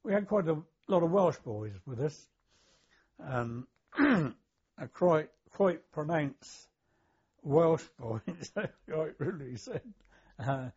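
An older man with a husky, slightly high voice tells his war memories in an oral history interview. He hesitates often, clears his throat and chuckles as he goes. The tape sounds dull and lo-fi. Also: expressive, slow, a little mellow.

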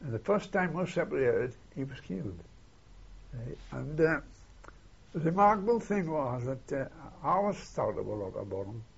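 Older man, oral history interviewee, rambling storyteller, husky and creaky, lo-fi tape sound. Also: medium pitch, sing-song, normal speed. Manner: rambling, keeps adding "see?" and "eh?". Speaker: interviewee recalling war memories.

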